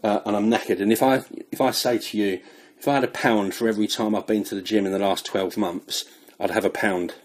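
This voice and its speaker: British guy going on about perfumes, low husky voice, bit out of breath, rambly. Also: fairly even intonation, brisk. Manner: chatty, rambling, self-deprecating. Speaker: fragrance reviewer. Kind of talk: casual product review.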